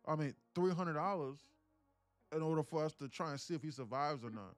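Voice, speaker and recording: A man live-streaming his day trading, telling a story in an animated, profane, rambling way with frequent restarts. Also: on the high side, brisk, no room sound, faint music behind.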